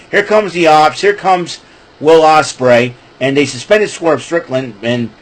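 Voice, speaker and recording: In a low-quality recording, a medium-pitched man runs a laid-back wrestling recap show. He talks in a loose, meandering way and keeps cracking up laughing.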